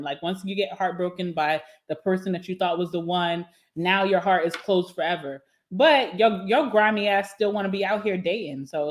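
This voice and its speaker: Young woman eating and spilling her dating opinions, sassy, kinda low voice. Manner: candid, sassy, laughs often, talks while eating. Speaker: vlogger. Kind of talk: casual mukbang chat to camera.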